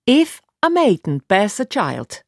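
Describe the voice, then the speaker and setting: Woman doing a no-nonsense warrior girl, higher than her own voice, plain and steady, dry recording. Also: dry recording, close to an everyday voice. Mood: matter-of-fact. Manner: plain, measured, matter-of-fact. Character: blunt young Aiel woman warrior, matter-of-fact.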